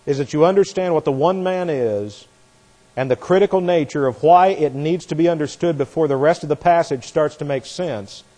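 A man teaching a Bible class as a sermon, forceful and scornful of doctrine he calls false. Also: a little high, normal speed, in a large hall.

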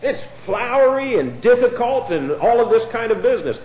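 A man's voice: very high-pitched, big pitch swings, moderate pace, a little mellow. A man preaching a Bible-teaching sermon in a conversational way, often repeating words as he starts a phrase. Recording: echoey room.

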